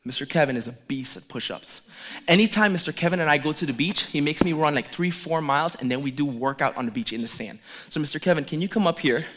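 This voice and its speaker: A middle-aged man preaching as a pastor, joking playfully with the congregation during a lively demonstration. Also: on the high side, quick pace. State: out of breath at times. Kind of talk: lively sermon with audience demonstration.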